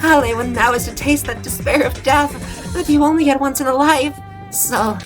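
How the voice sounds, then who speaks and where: A woman's voice: sits high, moderate pace, soft background music, pitched above the performer's own voice, lightly acted. A woman voicing a melodramatic villain schoolgirl. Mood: frantic. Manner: mood-swinging, melodramatic, gleeful. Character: theatrical despair-obsessed villainous schoolgirl mastermind. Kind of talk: reading game dialogue aloud.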